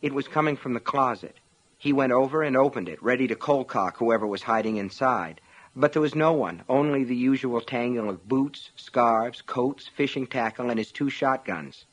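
A man's voice: medium pitch, normal speed. Man narrating an audiobook. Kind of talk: scripted narration.

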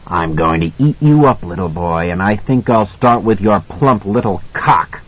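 A drunken, half-mad man in a dog costume growls threats low in his throat, then breaks into violent, despairing shouts, as a male audiobook narrator puts him on. The recording sounds a little dull and lo-fi. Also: lively intonation, normal speed, slightly rough. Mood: taunting. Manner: growling taunts turning to ranting shouts.

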